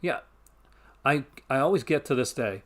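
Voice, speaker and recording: A man from Newfoundland talks with a Canadian accent in casual live-stream chatter. His pitch sits at an ordinary middle level. He rambles, trips over his own sentences and chuckles along the way. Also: animated, moderate pace. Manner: rambling, self-interrupting, chuckles often.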